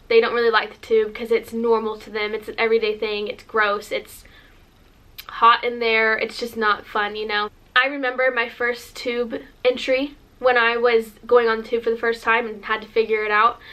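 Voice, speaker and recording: A bubbly woman in her twenties talks straight to camera in a rambling, gushing vlog. Her voice sits a little high, and she pads her sentences with likes. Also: flat delivery, moderate pace, a bit bright. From Northern California, USA. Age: 20s. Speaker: vlogger. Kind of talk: casual chatty vlog.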